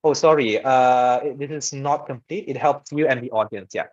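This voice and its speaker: A man teaches speaking at medium pitch and normal speed, the webinar audio dull. His style is conversational, dotted with "okay" and "all right" check-ins, and he shifts between loud and soft to demonstrate how voices can vary, all in an informal lecture.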